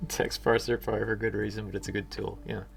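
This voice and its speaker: A man's voice: fairly low pitch, level tone, fast, gravelly. A man streaming his work as an indie game developer, chatting casually and muttering to himself as he codes and reads chat aloud. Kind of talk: casual live-stream commentary while working. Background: faint music and keyboard typing.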